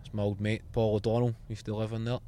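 A man's voice: on the low side, flat delivery, fast, dark tone, a little hiss or hum. Chatty scottish man in a car. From Scotland. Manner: joking, chatty storyteller. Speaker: passenger guest. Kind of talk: casual chat in a car. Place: inside a car.

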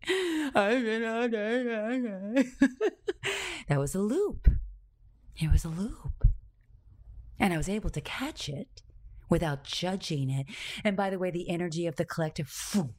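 Woman, confessional monologue, slightly low pitch, hushed then emphatic, repetitive rhythmic phrasing. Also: expressive, moderate pace, pauses often. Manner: intimate, shifts between hushed near-whispers and intense emphatic bursts; repeats words for rhythm and emphasis.

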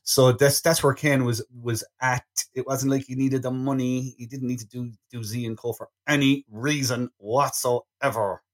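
A man's voice: medium pitch, level tone, normal speed, few pauses. A man hosting a casual film review chat, good-humoured and rambling. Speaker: podcast host.

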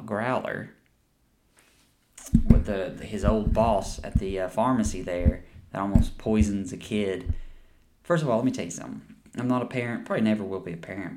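A man's voice: lowish voice, darkish tone. Rambling, profane man reviewing a movie. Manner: rambling, profane, with frequent restarts and laughs. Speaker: podcast host. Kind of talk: casual movie review chat.

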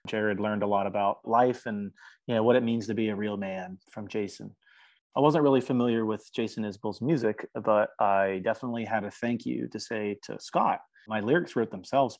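A man with a lowish voice chats as a musician guest on a podcast. He talks earnestly and easily, breaking into laughter now and then. The recording is dry and close, with no room sound. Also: no room sound. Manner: earnest, chatty, laughs often. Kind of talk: casual interview chat.

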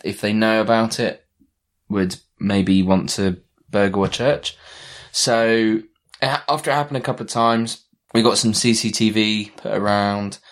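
A young man with a low, grounded voice spins a story in a loose, conversational way. He wanders through fillers and restarts as he goes, and the tone stays relaxed and unscripted. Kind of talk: casual chat.

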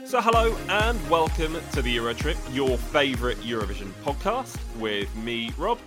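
Wry man in his late twenties, lively voice. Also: mid-range voice, moderate pace, over music. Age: late 20s. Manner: wry, deadpan storytelling with lively ups and downs. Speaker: podcast co-host. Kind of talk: casual podcast chat.

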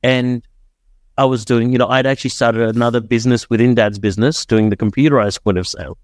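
A young man from Dubai, a guest on a podcast, tells his story in casual chat, often ending sentences with "right?" He talks fast in a steady, medium-pitched voice, and the studio recording is clean and dry.

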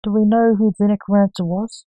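A woman's voice: mid-range voice, fairly even intonation, a little fast, dark tone, no echo, lightly acted, rough recording. A woman reading the part of a puzzled male police sergeant who keeps asking questions.

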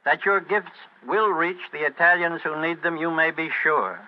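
A man makes an earnest, urgent appeal, his voice slightly higher than most. He speaks in a formal, solemn way. The sound is muffled and lo-fi, like a 1940s broadcast. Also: normal speed. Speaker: guest giving a charity appeal. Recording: dull lo-fi 1940s radio recording.

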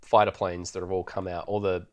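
A man's voice: low voice, level tone, fairly quick, darkish tone. A man hosting a podcast, chatting loosely through a film recap and laughing often. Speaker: podcast host. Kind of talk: casual film recap chat.

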